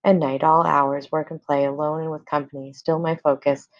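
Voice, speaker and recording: A woman's voice: sits low, level tone, moderate pace, dull audio. A woman reading the lines of an angry domineering older father in a lesson, with plain emphasis. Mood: scornful.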